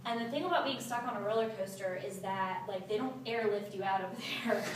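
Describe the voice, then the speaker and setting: A young woman casually telling a funny story to a small group, animated and laughing, with many fillers. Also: medium pitch, normal speed, heavy background noise. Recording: roomy, distant mic, faint ambience.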